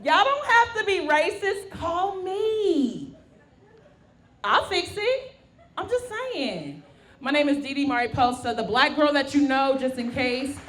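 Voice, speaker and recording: A woman's voice: sits high, very animated, a little slow, a bit bright. A woman doing stand-up with a brash, crowd-teasing manner on a brewery stage. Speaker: stand-up comic. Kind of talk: stand-up set.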